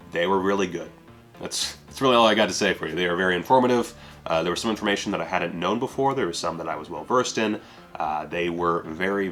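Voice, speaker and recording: Deep-voiced man casually reviewing a disc. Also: fairly bright tone. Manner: offhand, self-deprecating, casual swearing. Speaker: home video reviewer.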